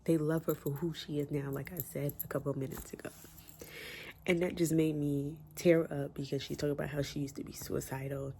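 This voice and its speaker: Man reviewing a book at home, mellow gravelly voice, chatty and open with his feelings. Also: fairly high pitch, little pitch movement, fairly quick, a little hiss or hum. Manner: chatty, emotional, candid, with slang. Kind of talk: casual book review chat. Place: room at home with window open.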